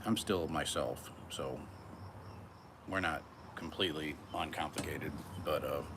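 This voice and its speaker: A man's voice: very deep voice, measured pace, noisy background. A young American man hosting a casual livestream, rambling, swearing and rhyming playfully. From United States. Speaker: livestream host. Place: Michigan, summer heat.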